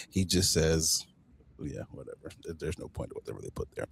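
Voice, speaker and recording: A man's voice: very deep voice, big pitch swings, moderate pace, creaky, slightly rough, no echo. A man co-hosting a casual podcast, joking and laughing often as he talks. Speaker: podcast co-host.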